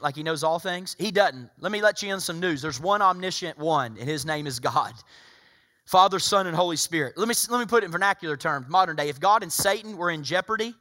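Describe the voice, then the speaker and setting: A pastor from Tennessee preaches with a bright, ringing tone, and his voice sits a little high for a man. He moves from loud, emphatic declarations to hushed, close asides. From Tennessee, USA. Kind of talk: sermon.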